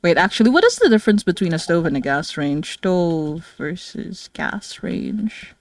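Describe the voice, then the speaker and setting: A tired, low-energy woman from the Philippines chatting casually with her viewers as a streamer, rambling with many fillers and soft laughs. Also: sing-song, normal speed. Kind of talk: casual livestream chat with viewers.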